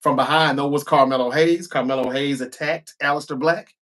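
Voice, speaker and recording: A man's voice: fairly high pitch, steady tone, brisk, fairly bright tone. A man hosting a show, recapping a wrestling episode in a casual, chatty way with offhand asides.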